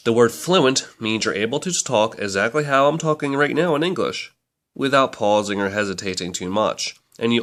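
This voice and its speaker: A man's voice: mid-range voice, fairly bright tone. A man casually reviewing a language book, chatty and rambling, often correcting himself mid-sentence.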